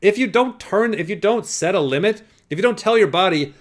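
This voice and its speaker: A man's voice: high-pitched, lively intonation, a little fast. A man hosting a casual commentary on a clip, rambling and profane, often restarting his sentences. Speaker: host.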